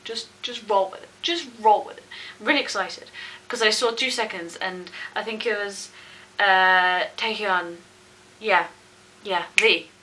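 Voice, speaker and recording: A woman chatting casually and gushing excitedly as she reacts to a video at home. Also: mid-range voice, normal speed, a little hiss or hum, rough recording. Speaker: reaction vlogger.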